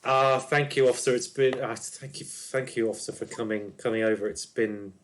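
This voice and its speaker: A fretful neighbour woman who rambles on, stumbling over her words and circling back on herself, as a man puts her on in a mid-pitched voice. She gossips in a hesitant, nervous way, full of ums and restarts. It is a tabletop role-play. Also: fairly even intonation, a little fast, a little hiss or hum, lightly acted. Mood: flustered. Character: nervous, chatty middle-aged woman neighbour.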